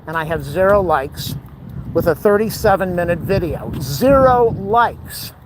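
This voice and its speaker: A man's voice: on the high side, normal speed. A man, out of breath and sweating, joking to the camera on an outdoor walking vlog. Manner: breathless, self-mocking, playful asides. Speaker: vlogger. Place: outdoors on a city street. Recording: outdoor street noise.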